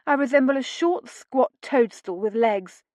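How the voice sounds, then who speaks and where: A spirited young noblewoman, tart and quick to tease, her voice lifted higher and livelier as a woman narrator puts her on. The reading is close and dry, with no room around it. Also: a little mellow, no echo. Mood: earnest. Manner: brisk, tart and teasing. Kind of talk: audiobook dialogue reading.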